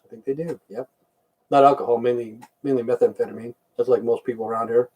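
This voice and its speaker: A man's voice: medium pitch, fairly even intonation, fast, a little mellow, husky, far from the mic. Blunt, profane older man ranting. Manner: blunt, profane, rambling rants. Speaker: livestream host. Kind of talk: casual livestream chat.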